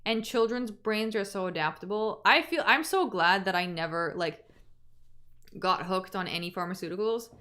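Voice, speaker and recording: A woman's voice: medium pitch, normal speed, pushed and bright. A woman in her twenties from Canada, hosting a livestream and chatting casually with viewers, often trailing off and restarting her sentences. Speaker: livestream host.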